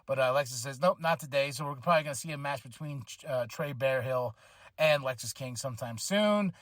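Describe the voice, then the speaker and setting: A man hosting a podcast, recapping a wrestling show in a casual, animated way, with frequent fillers and quick laughs. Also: medium pitch, no echo, studio quality. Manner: animated, acts out wrestlers' lines in quick voices. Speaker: podcast host.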